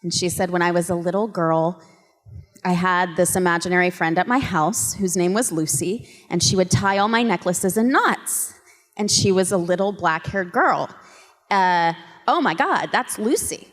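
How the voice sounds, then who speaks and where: Woman panelist, mid pitch, animated storyteller who acts out quotes; long hall echo. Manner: lively, laughing, acts out quotes. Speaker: voice actor on a convention panel. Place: convention panel room. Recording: reverberant convention hall.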